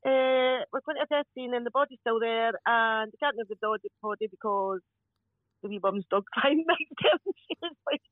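A Scottish woman telling stories casually as a podcast guest, animated and laughing often as she acts out voices. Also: on the high side, normal speed, no room sound. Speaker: podcast guest, crime scene cleaner. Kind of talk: casual storytelling chat. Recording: dull lo-fi dry sound.

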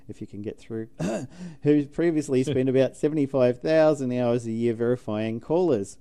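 A man's voice: medium pitch, mellow. A middle-aged man co-hosting a tech podcast, reading news aloud with jokey asides. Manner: jokey, drops in silly sound effects.

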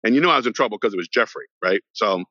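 Middle-aged guy spinning a long anecdote, bright forceful voice, kinda lo-fi dry sound. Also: lowish voice, very fast, no room sound. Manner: animated storyteller, acts out quoted voices. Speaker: actor guest. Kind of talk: storytelling in a podcast interview.

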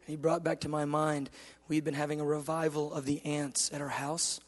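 A male preacher telling a humorous sermon story, animated and jokey, acting out the dialogue himself. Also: a little high, brisk, long reverb tail.

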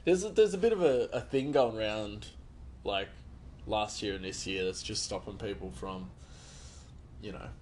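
A man's voice: on the low side, moderate pace, pauses often, darkish tone, a little hiss or hum. A man who works as a chef hosts a podcast, telling rambling anecdotes in casual chat and laughing often.

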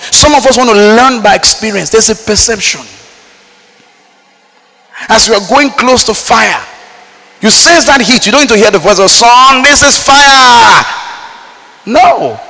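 Nigerian-born male preacher, high bright voice, animated sermon delivery with loud peaks and hushed asides, echoing hall. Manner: animated preaching, swinging from loud emphatic lines to low quiet asides. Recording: reverberant hall.

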